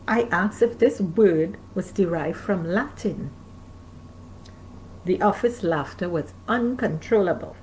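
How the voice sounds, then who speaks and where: A woman's voice: lowish voice, expressive, slow pace, a little mellow, slight background noise, low-quality recording. A woman, the author, reading her own memoir aloud and stopping now and then to chat with her live audience. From North America. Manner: reads aloud, then breaks off to chat with listeners. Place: home, streamed live.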